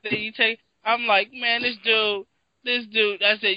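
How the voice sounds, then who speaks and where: A man's voice: high voice, moderate pace, dry recording. Seattle guy ranting in casual chat, swears a lot, acts out his reactions, dull dry lo-fi audio. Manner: animated, profane, acts out his own reactions.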